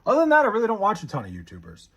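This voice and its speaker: A man's voice: sits high, wildly swooping pitch, very fast, a bit bright, breathy edge, highs cut off. A young man from Long Island, New York, chatting on a live stream and reading viewer comments aloud in a blunt, profane, half-laughing way.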